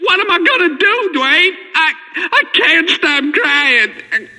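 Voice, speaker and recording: A man's voice: very high-pitched, sing-song, unhurried, pushed and bright, in a large hall, heavily acted. An actor playing a timid, stammering male caller to a talk radio show in a comedy game. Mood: nervous. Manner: stammering, nervous.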